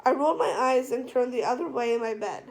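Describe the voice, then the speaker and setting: A woman narrating a first-person story in a steady, plain reading voice. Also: high-pitched, fast talker, poor audio. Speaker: audiobook narrator.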